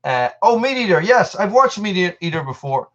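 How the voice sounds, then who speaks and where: A man's voice: high-pitched, sing-song, normal speed. A man, hosting a casual live stream and chatting in a rambling way while reading out viewer messages. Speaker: channel host. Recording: dull lo-fi stream audio.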